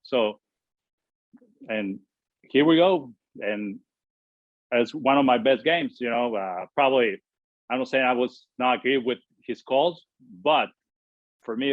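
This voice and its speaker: A man from Mexico who speaks English, telling stories as an interview guest in halting sentences full of fillers and restarts. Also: medium pitch, no room sound. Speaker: former baseball pitcher, guest. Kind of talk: storytelling interview answers. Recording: tinny dry phone-like line.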